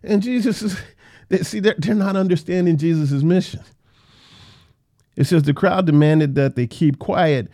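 A man's voice: on the high side, moderate pace, dark tone. A man teaching the Bible verse by verse in a conversational way, repeating phrases for emphasis.

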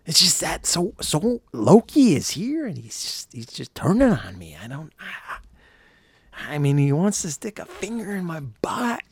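A spacey, laid-back star drawls in a raised, soft voice, marveling at everything, as a man with a nearly gone voice puts him on. It sounds raspy and strained, recorded dry and close. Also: a little high, huge pitch swings, no room sound, pitched above the performer's own voice, heavily acted. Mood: dazed, wondering. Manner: soft, drawn-out wondering "wow"s.

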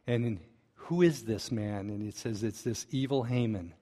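Man preaching a lively sermon. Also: fairly low pitch, measured pace. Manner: lively storytelling with asides to the congregation. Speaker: pastor.

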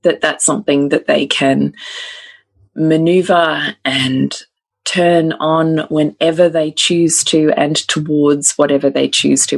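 Low husky-voiced woman podcast host. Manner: animated storytelling, laughs often; slow and deliberate when reflective. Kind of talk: casual podcast conversation.

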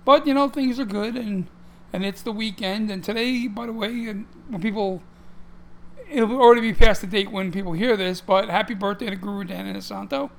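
A man's voice: high-pitched, brisk, creaky. A man co-hosting a podcast in casual chat, rambling with many restarts and fillers. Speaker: podcast co-host.

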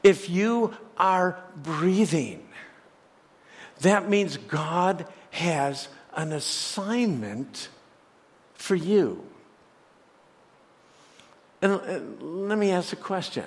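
A man with a high voice preaches at an unhurried, deliberate pace, earnest and emphatic. His questions to the congregation ring out in a church sanctuary with a long reverb trailing behind. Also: expressive. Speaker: pastor. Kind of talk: sermon.

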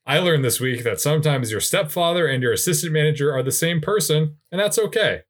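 A man co-hosting a podcast, trading dry, deadpan jokes in casual chat. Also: a little high, quick pace. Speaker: podcast co-host.

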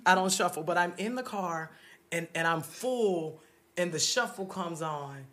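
A woman's voice: fairly low pitch, measured pace, a bit bright. Earnest middle-aged woman telling a story. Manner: earnest storytelling with many fillers and restarts. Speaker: podcast co-host. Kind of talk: casual faith-based conversation.

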